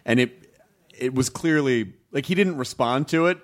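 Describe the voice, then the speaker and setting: A man's voice: medium pitch, moderate pace. A man in casual podcast chat, a playful storyteller who laughs often. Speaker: podcast guest comedian.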